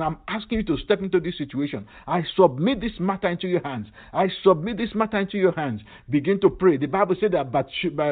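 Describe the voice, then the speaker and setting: Fervent male pastor on a phone line. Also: sits high. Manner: fervent preaching with repeated, emphatic phrases. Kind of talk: prayer sermon. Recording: tinny phone-line sound.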